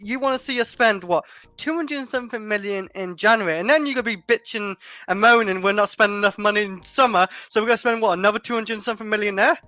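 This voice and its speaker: A man with a high, bright, forceful voice talking loosely on a casual livestream, musing aloud and joking along. Dry, close sound. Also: fast talker, dry recording. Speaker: livestream co-host. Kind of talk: casual fan livestream chat.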